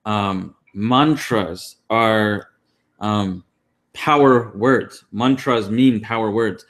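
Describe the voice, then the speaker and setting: A man's voice: fairly low pitch, extremely slow, fairly bright tone. A man co-hosting an online class, talking casually with many fillers and restarts. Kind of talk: casual teaching talk. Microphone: online class call.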